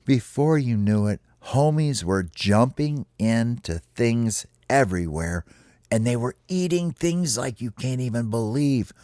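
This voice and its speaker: A man telling a playful children's story to his kids in an animated way. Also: medium pitch, a little slow, dry recording, studio quality. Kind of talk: bedtime storytelling.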